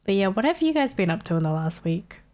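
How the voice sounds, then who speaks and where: A woman's voice: mid-range voice, very animated, fast talker, dark tone. A young woman streamer with a stuffy nose and sore throat, chatting casually and answering her chat. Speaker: live streamer.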